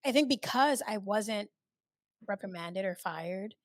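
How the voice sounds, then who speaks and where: A woman's voice: mid-range voice, expressive, measured pace, no room sound, clean studio sound. A woman hosting a casual podcast, joking and reacting playfully. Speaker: podcast host.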